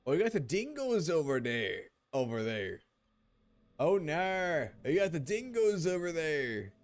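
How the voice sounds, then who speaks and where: A man's voice: a little high, sing-song, unhurried, pitched above the performer's own voice. A man doing a put-on Australian accent as a game character, exaggerated and playful.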